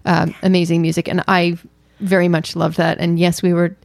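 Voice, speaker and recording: A woman's voice: fairly low pitch, little pitch movement, normal speed, vocal fry, a little mellow, no echo, clean studio sound. A woman co-hosting a casual chat with her wife, playful and teasing, often laughing. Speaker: podcast co-host.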